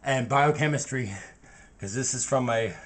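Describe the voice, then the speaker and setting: A man giving a motivational rant as a home cook vlogger, shouting, whooping and half singing his lines. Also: medium pitch, normal speed. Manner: shouting, whooping, sing-song preaching.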